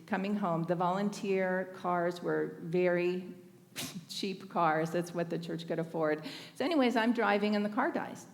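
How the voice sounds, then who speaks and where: A woman's voice: on the low side, a little slow, gravelly, long reverb tail. A woman from Northern California giving a storytelling sermon at a thanksgiving service, conversational and often laughing. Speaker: speaker at a spiritual thanksgiving service.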